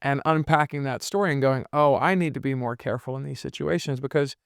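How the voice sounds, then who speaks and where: Male podcast host, 40s, gravelly but clear, earnest storyteller. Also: medium pitch, fairly quick, no echo, studio quality. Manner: earnest storytelling, acts out quoted voices. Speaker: podcast host and business consultant. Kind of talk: reflective podcast conversation. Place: his home.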